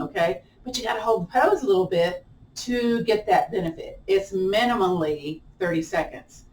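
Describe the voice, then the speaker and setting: Chatty American woman with a twang, echoey room. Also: medium pitch. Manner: chatty and playful, laughs often, self-teasing. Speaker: yoga instructor. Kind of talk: guided chair yoga class. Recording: echoey room, distant mic, faint hiss.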